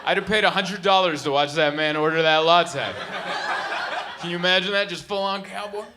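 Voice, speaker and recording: A man in his thirties doing stand-up in a club, telling stories in an animated, exasperated way on a handheld mic. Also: high voice, normal speed. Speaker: stand-up comedian. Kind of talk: stand-up comedy storytelling. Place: comedy club stage. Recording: live club recording with background noise.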